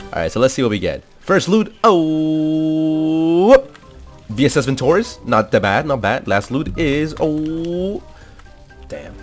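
A young man giving casual, excitable commentary over his own gameplay, swearing, laughing and repeating himself. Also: mid-range voice. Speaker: gaming commentator. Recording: faint background music.

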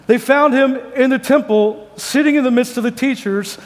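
A male pastor with a notably high voice preaches in a large church. He moves between scripture and loose, joking stories, and his voice rings out with a long hall reverb. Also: moderate pace. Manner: joking, conversational storytelling. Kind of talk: sermon.

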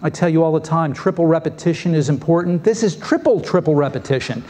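A man preaching a sermon as pastor, lively and acting out the voices of biblical figures. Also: fairly high pitch, fast talker. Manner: lively, acts out scripture voices. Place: church sanctuary.

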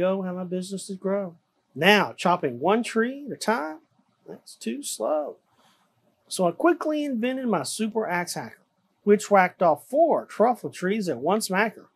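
A storyteller giving an expressive, sing-song rhyming storybook read-aloud. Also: medium pitch, slightly rough.

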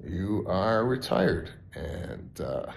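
Male podcast co-host, lowish voice, casual and profane delivery. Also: very animated, very slow, gravelly, a little hiss or hum. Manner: loose and profane, calls people bro. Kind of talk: casual podcast chat and ad read.

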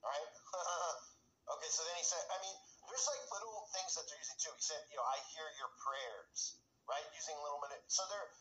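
A man's voice: fairly high pitch, brisk, pushed and bright, echoey room, low-quality recording. A man ranting in commentary style, agitated, often tagging his points with "right?". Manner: agitated, repeats "right?" often, mocks quoted people. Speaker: commentary channel host.

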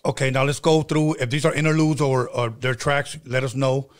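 A man hosting a casual radio interview, brisk and joking as he takes calls and moves the show along. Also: medium pitch, steady tone. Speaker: host.

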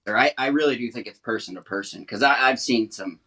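A man's voice: mid-range voice, fast, sharp tone. A man co-hosting a talk show, chatting casually and explaining with rising emphasis. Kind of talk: casual chat.

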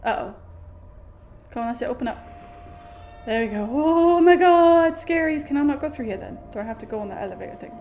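A woman's voice: a little high, expressive, fast, pauses often, darkish tone, a little hiss or hum. A woman streaming a horror game, reacting with sudden exclamations and chatting to the characters and viewers. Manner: jumpy, exclamatory, talks to the game. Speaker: gaming streamer. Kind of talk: let's play commentary.

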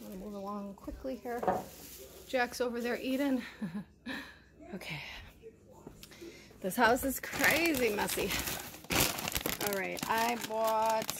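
A woman's voice: medium pitch, background noise. A woman, chatting casually to viewers as she unpacks her grocery haul at home, a little out of breath. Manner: chatty, addresses viewers as you guys. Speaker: vlogger showing a grocery haul. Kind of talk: casual talk to camera.

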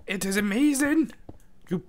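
A man voicing a confused, rambling old British granny with a high, quavery put-on voice. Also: animated, measured pace. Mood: dithering.

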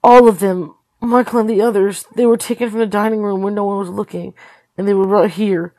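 A woman's voice: medium pitch, fairly even intonation, brisk, dry recording, natural voice. Woman reading as a haunted teenage boy. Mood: shaken. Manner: urgent, dropping to a hushed whisper.

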